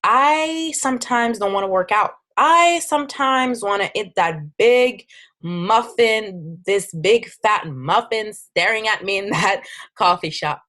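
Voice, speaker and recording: A woman's voice: mid-range voice, slow, pushed and bright. A woman with a French accent, a fitness business coach giving a casual, persuasive recruiting presentation with frequent restarts.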